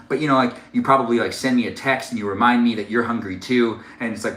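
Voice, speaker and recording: Bright-voiced chatty man streaming live. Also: mid-range voice, fairly even intonation, fast, few pauses, echoey room. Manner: rambling, chatty, reads viewer comments aloud. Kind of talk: casual live-stream chat while cooking. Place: home kitchen.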